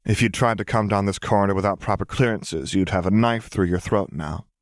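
Storybook role: male reader playing a calm, dangerous woman escort, flat and matter-of-fact, deep-toned. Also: brisk, no echo, studio quality, natural voice. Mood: dry. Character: cool, self-assured woman bodyguard.

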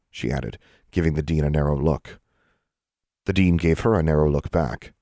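Low-voiced male audiobook narrator. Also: lively intonation, normal speed, a little mellow, dry recording, clean studio sound. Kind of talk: scripted narration.

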